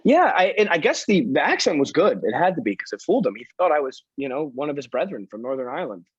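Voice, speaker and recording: A man's voice: a little high, quick pace, husky, no echo. Young man telling a story, lo-fi. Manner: animated, laughing storyteller. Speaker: band member. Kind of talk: casual storytelling in interview. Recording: dry, dull lo-fi.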